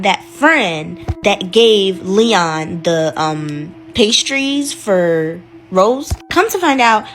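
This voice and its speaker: Chatty woman telling a dramatic story. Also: mid-range voice. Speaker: channel host, storyteller. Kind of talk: casual storytime narration.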